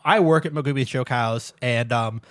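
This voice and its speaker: A man's voice: mid-range voice, fairly bright tone, no room sound. Casual, swearing man on a dry mic. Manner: swearing, storytelling, quick to laugh. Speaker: podcast host. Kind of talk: casual chat.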